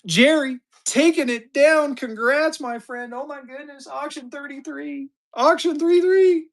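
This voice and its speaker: A man in his fifties running a live-stream auction, talking fast and joking through his patter. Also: extremely high pitch, gravelly. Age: 50s. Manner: energetic, joking, drawling "y'all" asides.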